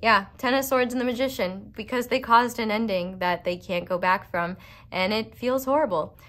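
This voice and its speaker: A woman's voice: on the high side, normal speed, fairly bright tone. A woman giving a casual pick-a-card tarot reading, chatty and rambling with playful, self-mocking asides. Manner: chatty and rambling, full of "like" fillers. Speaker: tarot reader.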